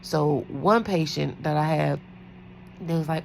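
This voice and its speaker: A woman's voice: low voice, normal speed, gravelly, darkish tone, a little hiss or hum, low-quality recording. A woman who works as a night-shift nurse, chatting casually in a storytime vlog, rambling with lots of fillers.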